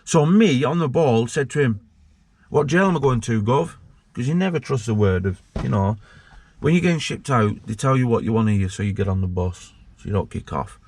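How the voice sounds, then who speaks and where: A man's voice: medium pitch, animated, brisk, darkish tone, dry recording. A man, a former prisoner telling his story casually as an interview guest, blunt and sweary, acting out the voices in his story. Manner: blunt and sweary, acts out quoted dialogue.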